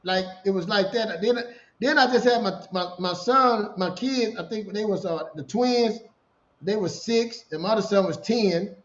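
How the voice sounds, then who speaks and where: A middle-aged man telling a personal story in casual conversation, animated and repeating himself as he talks. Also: high-pitched, moderate pace. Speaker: podcast co-host sharing his story. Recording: roomy, dull lo-fi sound.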